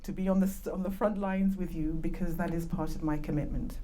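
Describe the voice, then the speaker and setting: Over heavy background noise, a woman with a low, steady voice speaks a little fast in an earnest conference talk. She has a British accent, having been born in Nigeria and raised in Britain, and chats about the handheld or clip-on microphone she uses in the conference room.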